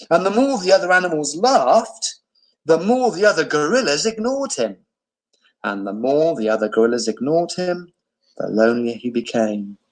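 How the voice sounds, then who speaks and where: A male teacher reading a children's picture book aloud, with expressive storytelling. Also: a little high, low-quality recording.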